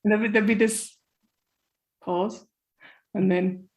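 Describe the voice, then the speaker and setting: A woman's voice: medium pitch, steady tone, slow. Chatty woman from Ireland, author guest. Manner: chatty, warm laughter, trailing phrases. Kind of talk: casual conversation.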